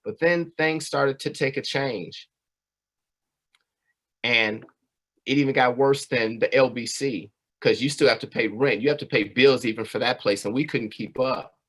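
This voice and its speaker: Brief: man, mid-pitched, earnest community speaker telling his own story, conversational and direct. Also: unhurried, a bit bright. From California. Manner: earnest, conversational, frequent "right?" and "you know". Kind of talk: personal storytelling presentation.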